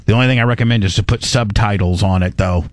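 A man's voice: on the low side, fast talker, no room sound, clean studio sound. A man hosting a podcast, talking in casual commentary that rambles, with many restarts and repeated words, blunt and crude. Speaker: podcast host.

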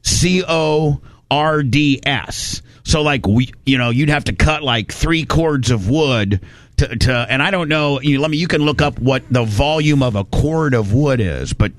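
A man's voice: medium pitch, animated, normal speed, dry recording. A man from Indiana, telling a long rambling story in casual chat and acting out the voices of the people in it. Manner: rambling, folksy, acts out quoted voices. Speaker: podcast host telling a story.

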